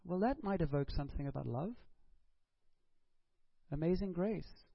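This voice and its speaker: A man's voice: a little high, expressive, moderate pace, vocal fry, dry recording, highs cut off. A man preaching a sermon, asking rhetorical questions and acting out prayers and dialogue.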